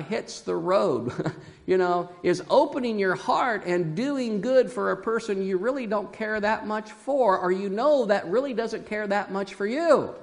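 A man's voice: a little high, gravelly, long reverb tail. A man preaching a sermon to his church, telling a folksy story and chuckling often. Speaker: pastor. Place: church sanctuary.

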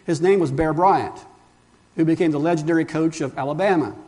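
High-voiced man preaching a sermon. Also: fairly quick, a little mellow. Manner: emphatic preaching with rhetorical questions; addresses listeners as friends. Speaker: pastor.

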